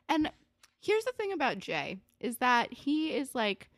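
A woman's voice: sits high, sing-song, measured pace, no echo, clean studio sound. A woman chatting casually about a TV episode, sarcastic and full of "like", swearing now and then. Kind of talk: casual recap chat.

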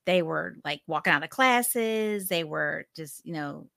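Woman, podcast co-host, casual chat, bright voice, dry close sound. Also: sits low, a little slow, gravelly, dry recording. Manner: chatty, animated storyteller, laughs often.

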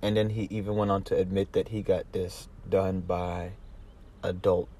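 Southern guy from atlanta, lowish voice, just rambling and cussing through some celeb gossip. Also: little pitch movement, moderate pace, dark tone. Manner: rambling, profane, many restarts, laughs easily. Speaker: commentary vlogger. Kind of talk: casual commentary.

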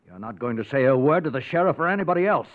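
A man's voice: medium pitch, animated, rapid-fire, natural voice. An actor playing a nervous, stammering man who turns to murder, in 1940s radio acting. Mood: menacing. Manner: stammering, shifting from nervous to threatening. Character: tense male widower turned killer, nervous and menacing. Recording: thin lo-fi old radio recording.

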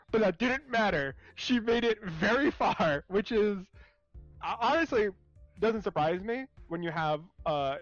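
A man's voice: a little high, no room sound. Chatty man with dull dry sound. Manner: animated, rambling with fillers. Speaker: comics podcast co-host. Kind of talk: casual chat.

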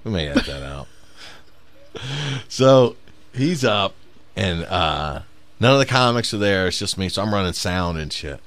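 Profane, animated male comic telling stories. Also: low-pitched, a little slow, pauses often, dry recording. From South Bend, Indiana. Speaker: podcast co-host, stand-up comic. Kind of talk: casual storytelling chat.

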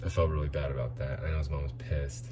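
A man telling a rambling story in casual chat, animated and swearing freely, acting out what people said. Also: extremely low pitch, fast, noisy background.

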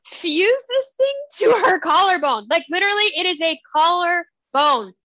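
A young woman co-hosting a podcast in casual chat, expressive and quick to react. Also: extremely high pitch, dry recording. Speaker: podcast co-host. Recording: dry, dull lo-fi mic.

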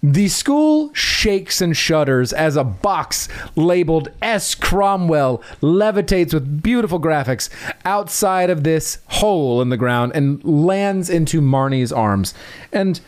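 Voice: medium pitch, animated, slow pace. Wry podcast co-host recapping a film. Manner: wry, playful storyteller. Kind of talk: casual chat, recapping a film.

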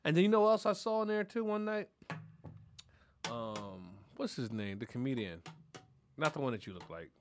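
A man co-hosting a podcast, telling stories in a loud, animated, profane way and laughing often. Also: medium pitch, moderate pace, long pauses, noisy background. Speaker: podcast co-host. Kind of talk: casual chat.

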